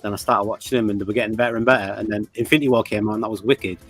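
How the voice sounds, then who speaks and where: A man's voice: fairly low pitch, steady tone, soft background music. A man co-hosting a casual livestream, reading out viewer comments and greeting people in chat. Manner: chatty, greets viewers, quick bursts. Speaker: livestream co-host.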